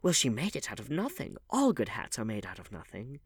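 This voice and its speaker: A man's voice: mid-range voice, wildly swooping pitch, fairly quick, slightly rough, no room sound, clean studio sound, pitched above the performer's own voice, full character voice. A man reading a teasing aristocratic duchess. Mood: playful. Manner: playful, bantering.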